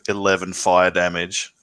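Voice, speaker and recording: A man's voice: low-pitched, noisy background. A man playing a tabletop game, narrating his character's actions in dramatic first person between dice rolls. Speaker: player.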